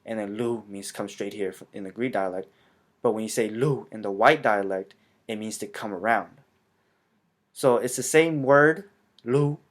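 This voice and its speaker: A man whose first language is Hmong, explaining in a casual, halting way with frequent filler sounds. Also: on the low side.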